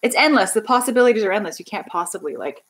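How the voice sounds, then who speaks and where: A woman's voice: mid-range voice, expressive, quick pace, husky, low-quality recording. A young woman from Canada chatting casually on a livestream, bubbly and rambling as she reads out viewer comments. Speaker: livestream host.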